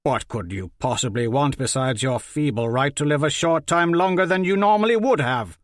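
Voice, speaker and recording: Guy putting on a mean arrogant lord, loud and bossy, higher than his normal voice. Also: expressive, normal speed, no echo, studio quality, lightly acted. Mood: scornful. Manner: scornful, loud and commanding. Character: arrogant cruel male lord.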